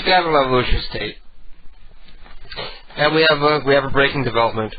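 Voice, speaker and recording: A man's voice: mid-range voice, fairly quick, pauses often. A man hosting an internet radio show, chatting casually in a rambling, self-deprecating way. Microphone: home phone and studio mic setup. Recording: dull lo-fi internet radio audio.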